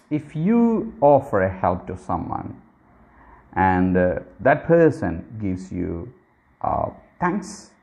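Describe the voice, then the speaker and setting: A man's voice: fairly low pitch, vocal fry, a little mellow. A man teaching everyday English phrases in a casual spoken lesson, explaining patiently and checking understanding with "okay?" His phrasing is not that of a native speaker.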